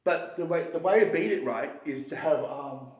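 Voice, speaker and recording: A man's voice: on the high side, animated, normal speed, darkish tone. A man talking casually and at length, rambling, swearing often and restarting his sentences. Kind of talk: casual conversation. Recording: echoey roomy sound.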